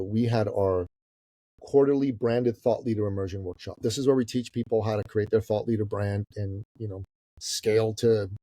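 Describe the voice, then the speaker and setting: A man in his fifties, from Iran, telling a story as a guest on an interview podcast, animated, swearing casually and calling the host "bro". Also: fairly low pitch, dry recording, clean studio sound. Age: 50s. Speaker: guest, business coach.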